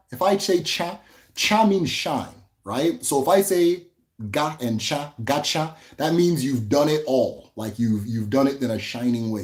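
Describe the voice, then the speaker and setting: Mellow-voiced man teaching casually. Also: medium pitch. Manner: loose and conversational, laughs often, repeats words for emphasis. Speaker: Igbo language teacher. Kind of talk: casual livestream lesson.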